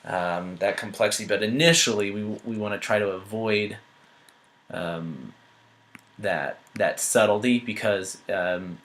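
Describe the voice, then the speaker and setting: A man giving an art critique, talking through changes thoughtfully with many pauses, fillers and restarts. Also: on the low side, a bit bright, low-quality recording. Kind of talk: painting critique while editing on screen.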